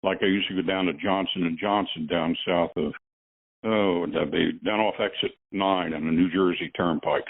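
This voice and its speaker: A man's voice: low-pitched, steady tone, normal speed. An older man, a veteran truck driver and guest, telling rambling stories with chuckles in a casual conversation. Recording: tinny phone line.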